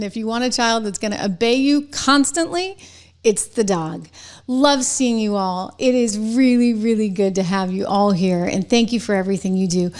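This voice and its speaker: A woman's voice: on the high side, a little mellow. A middle-aged woman hosting her own live online show, chatting casually with viewers and laughing often between stories.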